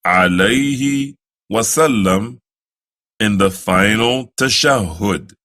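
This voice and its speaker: Slow deliberate low-voiced male teacher. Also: pushed and bright. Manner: slow and deliberate, repeating phrases for the listener to copy; recites prayer phrases in drawn-out chant. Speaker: religious teacher for new converts. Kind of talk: slow instructional lesson on prayer.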